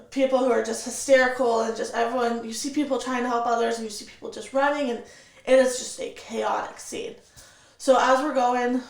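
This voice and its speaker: A woman's voice: fairly high pitch, gravelly, roomy sound, poor audio. A woman telling her own story as an interview guest, recounting events steadily and vividly and acting out the dialogue.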